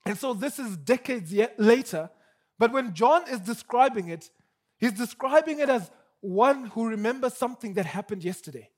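A man preaching a sermon with animated emphasis, often repeating words as he builds his points. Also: very high-pitched, moderate pace.

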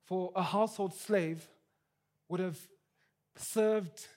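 A man preaching a sermon with animated emphasis, often repeating words as he builds his points. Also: high voice, slow pace.

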